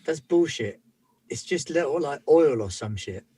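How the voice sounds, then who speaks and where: Male player, husky and a touch high, plays a slangy, gruff space hauler in tabletop role-play. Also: expressive, moderate pace, warm tone. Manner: gruff working-class space-hauler slang, calls everyone man.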